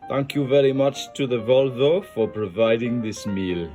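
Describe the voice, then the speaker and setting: A man playing a pompous mock French waiter with a put-on French accent, soft and mannered as he announces dinner. The voice sits lower and flatter than the man's usual bright talk. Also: moderate pace, soft background music, close to an everyday voice. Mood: mock grand.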